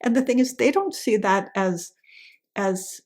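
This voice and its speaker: Husky-voiced woman talking in a rambling way. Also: mid-range voice, a little slow, darkish tone. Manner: opinionated, rambling with many restarts and tag questions. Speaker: podcast co-host. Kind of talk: casual chat.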